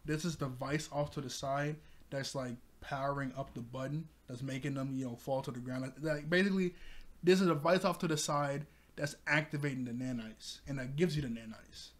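His voice is mid-range and brisk as he excitedly runs through a cartoon episode for his channel. The recap stays casual, full of frequent laughter and loud outbursts.

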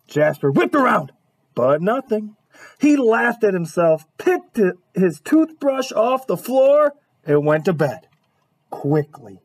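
A man reading a children's picture book aloud at story time, animated and asking his young listeners questions. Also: sits high, slow pace, gravelly, slightly rough. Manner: animated, asks questions to listeners, lots of hums.

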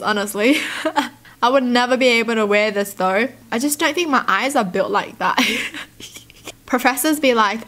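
A young woman from Australia reading tweets aloud and reacting in a giggly, animated way. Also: medium pitch. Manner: giggly, animated, squeals in disbelief. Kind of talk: casual reaction commentary.

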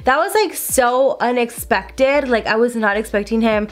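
Her voice on the high side and her pace moderate, a young female beauty vlogger tells a story while getting ready in a makeup video. She's animated and lively, full of "like" and "girl."

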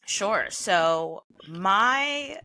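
A woman comedian and writer speaking as an interview guest, articulate and measured. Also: mid-range voice, expressive, sharp tone. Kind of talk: interview answers.

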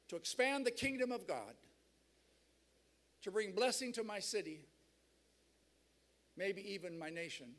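A man preaching a sermon at a church seminar, emphatic and rousing the crowd. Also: high voice. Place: large church hall.

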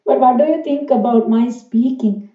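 A woman's voice: a little high, moderate pace. A woman learning English, speaking hesitantly on a casual practice call, with many fillers and restarts. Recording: tinny phone line, echoey room, far from the mic.

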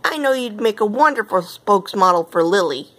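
A woman's voice: medium pitch, lively intonation, fairly quick, fairly bright tone. A woman voicing an elderly, grateful lady, fond and a little fretful, in a read-aloud storybook.

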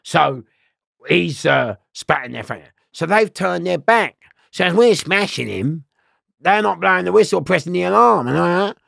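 Gravelly man telling a story. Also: sits high, animated, normal speed, a bit bright, no echo, clean studio sound. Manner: swearing freely, acts out other people's lines. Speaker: interview guest. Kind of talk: animated storytelling.

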